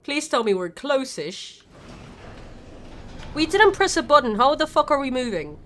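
A woman's voice: high-pitched, sing-song, measured pace, fairly bright tone, a little hiss or hum. A woman streamer giving live gameplay commentary, nervous and chatty, swearing a lot and talking back at the characters on screen. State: nervous and scared.

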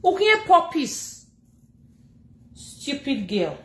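A woman speaking in a Nigerian Pidgin English accent, ranting casually to camera in an animated, laughing and scolding way. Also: sits high, slow, reverberant, slight background noise. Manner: animated, laughing, scolding and mocking, switching languages. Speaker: social media personality.

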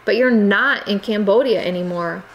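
A woman's voice: medium pitch, normal speed, highs cut off, slight background noise, natural voice. A woman voicing an earnest, frustrated American teenage boy who pleads insistently. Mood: pleading. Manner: insistent, exasperated, raises his voice.

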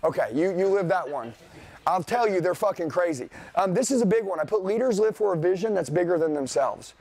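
A man's voice: high voice, animated, fairly quick, a little mellow. A man giving a motivational sales seminar to a live audience, talking bluntly and profanely. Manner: profane, blunt, fired-up, addresses the crowd directly. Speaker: sales trainer.

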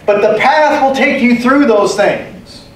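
Speaking at a slow pace in a very high-pitched voice, a male pastor preaches emphatically from a church sanctuary. He repeats key phrases and calls for amens, heard through a distant mic in an echoey room with faint ambience.

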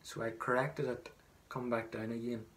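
A man's voice: medium pitch, level tone, normal speed, fairly bright tone. A man teaching traditional singing, giving encouraging, instructive directions between sung lines and counting the learners in. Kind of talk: sung lesson with spoken instructions.

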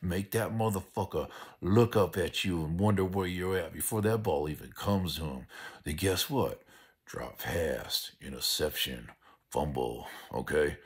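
Very deep husky older man ranting. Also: normal speed. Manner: aggressive, profane, commanding. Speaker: sports fan vlogger. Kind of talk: profane motivational rant.

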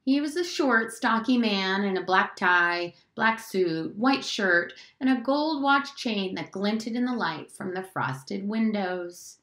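A woman's voice: mid-range voice, expressive, slow pace, few pauses, fairly bright tone. Woman reading a novel aloud, roomy. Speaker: teacher. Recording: roomy echo.

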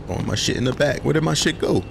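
A man's voice: fairly high pitch, quick pace, creaky, noisy background. A young man giving slangy, joking let's-play commentary, talking back to the game characters. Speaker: gaming streamer.

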